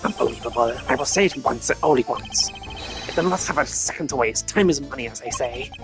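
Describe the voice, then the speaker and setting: A man's voice: mid-range voice, brisk, close to an everyday voice. Man doing haughty rich art dealer, fake foreign accent, arrogant and curt, game music underneath. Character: pompous wealthy male art dealer, rude. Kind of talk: voice acting a game playthrough.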